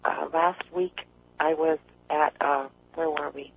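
A woman from East Tennessee calling into a radio show, chatty and rambling, quick to laugh. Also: sits low, steady tone, gravelly, slight background noise. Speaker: caller. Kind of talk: casual call-in chat. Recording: tinny phone line.

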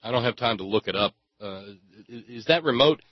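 A man's voice: mid-range voice, animated, a little fast, dry recording, dull audio. A man ranting in sarcastic, angry commentary and swearing freely. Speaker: political commentator.

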